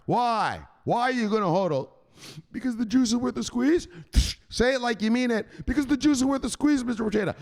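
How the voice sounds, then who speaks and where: A man's voice: very high-pitched, animated, fairly quick, vocal fry, pitched above the performer's own voice, full character voice. A man putting on the voice of a blunt, tough-talking enforcer who barks orders and makes others repeat after him. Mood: bossy. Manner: barking orders and making others repeat his lines.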